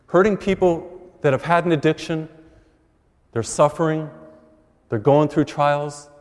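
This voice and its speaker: A middle-aged man, a priest, preaching a sermon with animated storytelling. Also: mid-range voice. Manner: animated storytelling with acted quotes. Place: large church. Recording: long church reverb.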